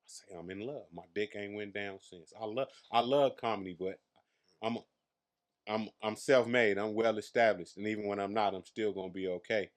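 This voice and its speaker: A comedian from Las Vegas, USA, in his thirties, guests on a casual interview, telling brash, profane stories with plenty of bragging. He speaks at a normal speed in a voice on the low side.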